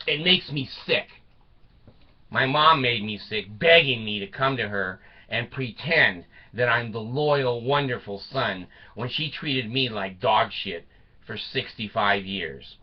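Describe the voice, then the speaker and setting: A man in his sixties speaking a bitter, blunt personal monologue with swearing and long pauses. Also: medium pitch, husky, muffled recording. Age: 60s. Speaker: vlogger.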